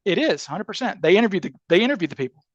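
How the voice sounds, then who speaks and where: A man's voice: high voice, very animated, very fast, no echo, dull audio. A man with a Southern accent, a criminal defense attorney on a podcast interview, laying out a case emphatically and checking in with "okay?" and "right?" as he goes.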